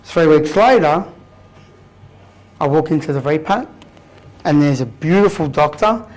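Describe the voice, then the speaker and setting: A guest speaker, an Australian man in his thirties, tells a full room about his own life in a blunt, candid manner, swearing casually. His fairly high voice is animated yet a little mellow, delivered at a measured pace. The recording is low-quality.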